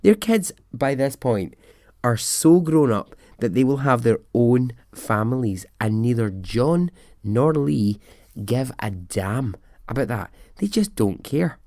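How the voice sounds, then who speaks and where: A man's voice: mid-range voice, animated, slow pace, dark tone, no echo, studio quality. Chatty man telling a story. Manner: chatty, wry, laughs at his own asides. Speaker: podcast host. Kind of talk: casual storytelling.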